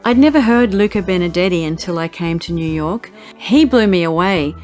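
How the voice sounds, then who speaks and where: Heartfelt woman with lowish voice. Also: expressive, normal speed, a little mellow. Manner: earnest, grateful, heartfelt storytelling. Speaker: singer-songwriter. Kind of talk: reflective promo narration. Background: faint music.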